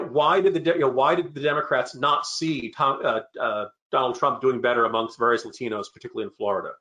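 A man's voice: mid-range voice, bright, forceful tone. A middle-aged man speaking as a panelist in a political discussion, with sardonic asides.

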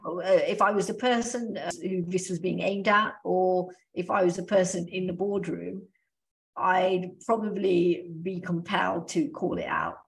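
Woman on a podcast, lowish gravelly voice, thinks out loud as she goes. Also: expressive, unhurried. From Australia. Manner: thoughtful, talks through ideas with restarts. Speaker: podcast co-host. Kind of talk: casual podcast chat.

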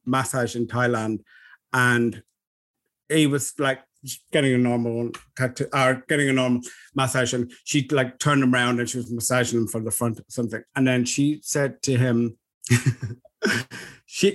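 A man's voice: medium pitch, fairly bright tone. A young man co-hosting a podcast, telling a funny story with lots of laughter. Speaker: podcast co-host. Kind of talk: casual storytelling chat.

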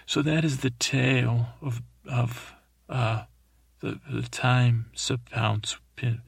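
A man hosting a sleep podcast, telling a meandering, halting story full of restarts and fillers. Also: medium pitch, dry recording, clean studio sound. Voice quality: gravelly, husky. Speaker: podcast host. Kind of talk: rambling sleep story narration.

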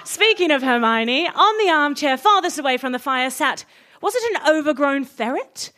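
A woman's voice: high voice, expressive, moderate pace, pushed and bright. A woman doing a comic, giggly reading of a parody story. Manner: giggly, playful. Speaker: reader.

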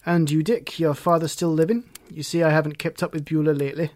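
A man's voice: fairly high pitch, flat delivery, fast, darkish tone, close to an everyday voice. A man voicing a wistful, remorseful man. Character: grown man, wistful, remorseful, tender about home.

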